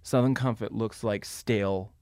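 Deep-voiced man telling a rambling story. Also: fairly even intonation, moderate pace, a little mellow, clear, resonant tone, no echo. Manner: laughing, rambling anecdotes with many fillers. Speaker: podcast guest. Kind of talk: casual storytelling.

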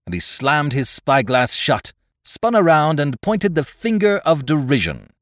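A man narrating a classic tale in a theatrical, scripted way, dropping low on the speech tags. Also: big pitch swings, a little slow, fairly bright tone, no echo, clean studio sound. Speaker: podcast narrator.

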